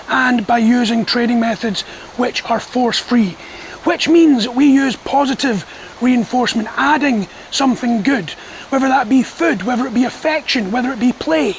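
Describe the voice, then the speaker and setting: A dog trainer talks through his methods in a calm, firm, measured lesson. His voice sits very high with a gravelly edge. Light background noise and passing traffic sit under the speech. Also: rough recording. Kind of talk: instructional talk to camera.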